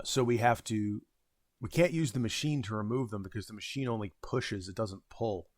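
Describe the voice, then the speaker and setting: A man in his thirties with a fairly low voice rambles through a work story, full of fillers, restarts and self-deprecating asides. The sound is dry and close, with no room echo. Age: 30s. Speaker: vlogger. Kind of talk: casual storytelling.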